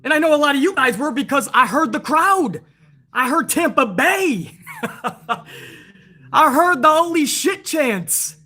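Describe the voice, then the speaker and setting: Bright-voiced woman ranting about wrestling. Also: sits high, a little slow. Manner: heated, swears constantly, ranting to viewers; excitable, retells events with rising energy. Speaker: wrestling show reviewer. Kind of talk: casual profane review rant.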